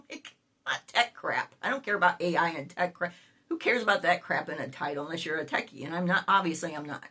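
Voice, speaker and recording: A woman's voice: lowish voice, animated, a little fast, bright, forceful tone, slightly rough. An older woman, a great-grandmother, telling a story in a casual vlog with sassy, exasperated remarks and frequent laughter. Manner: laughs often while talking. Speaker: vlogger.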